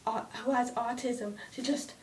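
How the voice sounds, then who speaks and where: An anxious young woman rants into her camera, stumbling over her words and starting sentences again. Her voice sits a little high. She sounds set back from the mic, with a faint low rumble in the background. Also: fairly even intonation, darkish tone, far from the mic, poor audio. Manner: halting, restarts often, many "like"s. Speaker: vlogger. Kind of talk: emotional personal vlog rant.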